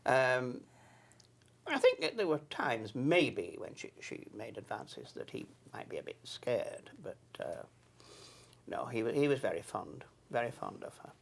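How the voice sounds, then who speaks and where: A man's voice: mid-range voice, very animated, measured pace, gravelly. A man, an actor, chatting hesitantly with many fillers while he reminisces about working on a show. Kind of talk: reminiscing conversation.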